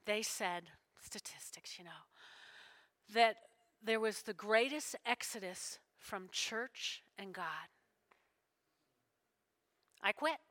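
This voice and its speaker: A woman's voice: medium pitch, animated, takes it slowly, pauses often, a bit bright. A woman pastor preaching a sermon, emotional and full of call-and-response with her congregation.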